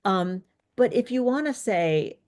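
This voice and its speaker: A woman's voice: medium pitch, animated, a little slow, a little mellow. A woman teaching a live pronunciation lesson, explaining step by step and correcting herself as she thinks aloud. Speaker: speech coach.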